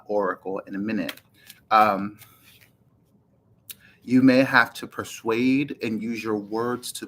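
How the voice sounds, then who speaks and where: Slow-talking man giving a tarot reading. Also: fairly low pitch, a bit bright, a little hiss or hum, poor audio. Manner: slow, meandering, frequent ums and restarts; clears throat often. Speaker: tarot reader.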